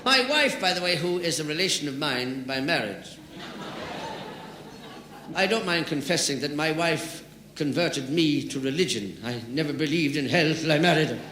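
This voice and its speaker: Jovial comedian in an echoey hall. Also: male voice, fairly high pitch, lively intonation, normal speed, background noise. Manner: jovial storyteller, leans into punchlines. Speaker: stand-up comedian. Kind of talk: live stand-up comedy routine. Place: large hall with audience. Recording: live hall with echo and long reverb.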